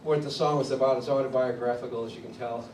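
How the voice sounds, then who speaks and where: A man from Chicago tells stories at a drum clinic in an animated way, acting out the people he quotes. His voice sits at an average pitch. He is picked up from across an echoey room with steady background noise. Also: fast, distant mic. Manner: animated storyteller who acts out others' quotes. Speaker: drummer telling his story at a clinic. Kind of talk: storytelling interview.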